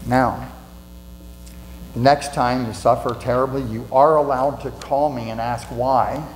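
A pastor giving a conversational sermon in a church, asking rhetorical questions and repeating lines for emphasis. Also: male voice, medium pitch, fairly even intonation, unhurried. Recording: echoey hall with mains hum.

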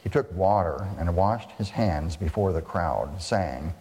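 A man reading scripture aloud as a lector, in a formal, measured way, in a reverberant hall. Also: sits low, lively intonation, darkish tone.

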